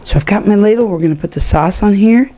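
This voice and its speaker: A woman's voice: mid-range voice, quick pace, mellow. A woman hosting a home cooking show, chatting to viewers with enthusiasm as she cooks. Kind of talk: casual cooking demonstration.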